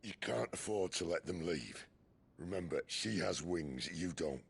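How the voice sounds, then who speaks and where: A worn-out video game mercenary with a rumbling, gravelly bass. His replies come dry and sarcastic, like a tired man brushing off concern. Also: animated, unhurried, exaggerated voice. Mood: wry, strained. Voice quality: deep gravelly voice. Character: weary gruff male mercenary leader, sardonic.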